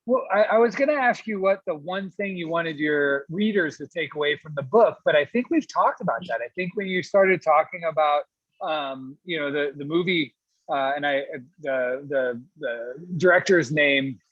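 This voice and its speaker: Halting interviewer, dull audio. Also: male voice, a little high, expressive, a bit bright, no echo. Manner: halting, many fillers, friendly. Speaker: interviewer, sandwich shop owner. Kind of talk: interview questions.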